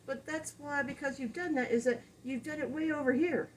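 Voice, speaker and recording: A woman's voice: high voice, steady tone, fairly quick, slight background noise, low-quality recording. Casual woman dog trainer explaining. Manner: casual, conversational, explains with examples and acted-out quotes. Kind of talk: instructional talk.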